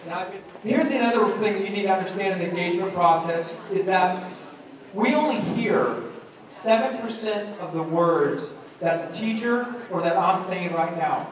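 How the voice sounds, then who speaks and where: A man's voice: sits high, normal speed. A middle-aged man giving a motivational talk to teachers, acting out voices as he tells stories. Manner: animated storyteller acting out voices. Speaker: education speaker. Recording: echoey room from a distance.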